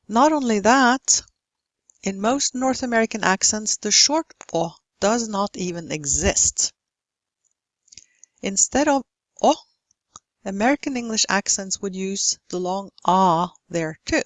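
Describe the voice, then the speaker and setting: A woman with a Norwegian accent leads a pronunciation lesson, taking her time and enunciating each example word with care. Her pace is unhurried. The recording is dry and close, with no room sound. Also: medium pitch, a bit bright, no room sound. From Norway. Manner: slow, careful enunciation of example words. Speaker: English pronunciation teacher.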